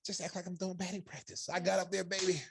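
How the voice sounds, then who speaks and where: A man's voice: high-pitched, fast talker, creaky, slight background noise. A middle-aged man hosting a podcast, telling boastful, joking stories in casual chat. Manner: animated storyteller, boastful and joking. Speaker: podcast host.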